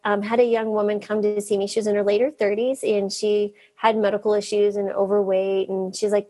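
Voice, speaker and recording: A middle-aged woman doctor telling lively stories in an interview, laughing often and mimicking the people she quotes. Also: medium pitch, brisk, few pauses. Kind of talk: storytelling in an interview.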